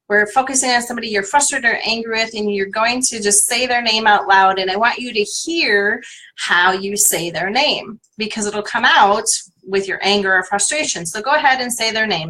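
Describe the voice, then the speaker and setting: Woman coach, bright voice, leads a tapping exercise and repeats a name for listeners to echo. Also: medium pitch, normal speed. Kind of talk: guided tapping exercise on a live stream.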